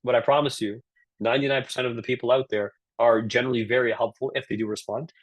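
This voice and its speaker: A man with a Canadian accent giving a live online career talk, energetic and peppering his points with "right?". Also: medium pitch, quick pace, dry recording. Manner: energetic, frequent "right?" tag questions. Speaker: career speaker at a virtual session.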